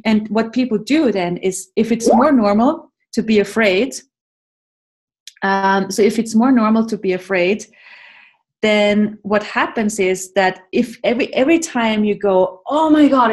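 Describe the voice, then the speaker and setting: Woman workshop leader, unhurried delivery, playful, laughs often, video call. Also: medium pitch, darkish tone. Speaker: workshop facilitator. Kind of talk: live online class talk.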